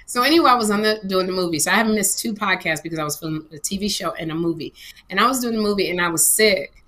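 A middle-aged woman co-hosting a casual comedy podcast, telling an animated story that swings between laughter and tears. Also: medium pitch, quick pace. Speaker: co-host.

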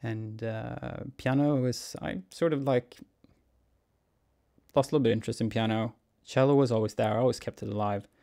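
A young man, a cellist answering viewer questions in a relaxed, musing Q&A vlog, chuckling often. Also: medium pitch, normal speed, creaky. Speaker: cellist and YouTuber. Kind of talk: casual Q&A vlog.

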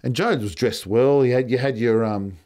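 A man, a podcast guest, telling comic anecdotes in a relaxed storyteller's way. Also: mid-range voice, moderate pace.

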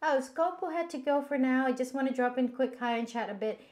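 A woman's voice: sits high, a little fast, darkish tone. A woman co-hosting a live cooking stream in a home kitchen, chatting casually and reading viewer comments aloud. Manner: chatty, reads chat messages aloud.

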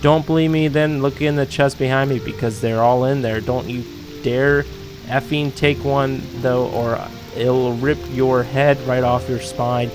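A man's voice: mid-range voice, steady tone, a little slow, lightly acted. A man voicing a boastful, menacing male blacksmith in a video game, over game music. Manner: boastful, threatening.

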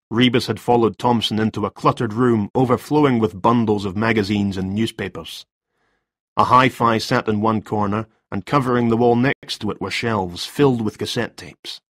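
A man narrating a story for listeners, reading in a steady, even way. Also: lowish voice, dry recording, clean studio sound.

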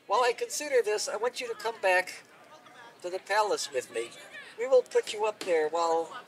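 A man's voice: sits high, huge pitch swings, normal speed, heavily acted. A man voicing a just, commanding king who speaks in formal courtly phrases, recorded from a distance outdoors. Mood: curious. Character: stately middle-aged male king, just and commanding.

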